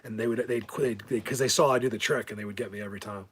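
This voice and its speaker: Husky rambling New man. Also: on the low side, fairly even intonation, quick pace. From New Jersey. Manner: rambling, joking, many restarts. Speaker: live video host. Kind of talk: casual rambling live chat.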